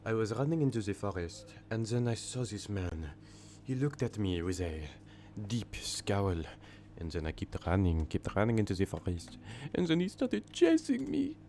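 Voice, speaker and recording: A man voicing a frightened character with a put-on French accent, telling how he fled through a forest, his voice jumping high. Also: sing-song, moderate pace, dark tone, a little hiss or hum. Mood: panicked.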